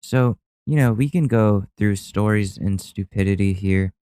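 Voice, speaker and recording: Solo podcast host, male, low-ish clean voice, dry close sound, rambles and laughs at himself. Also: measured pace, mellow, clear, resonant tone, dry recording. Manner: rambling, self-deprecating, many restarts and fillers. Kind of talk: casual storytelling monologue. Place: at home.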